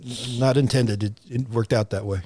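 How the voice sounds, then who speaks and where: A man's voice: medium pitch, steady tone, moderate pace, dark tone, slightly rough, dry recording, studio quality. Older man telling stories thoughtfully. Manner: reflective storytelling with frequent fillers and restarts. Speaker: guest playwright and actor. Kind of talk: conversational interview.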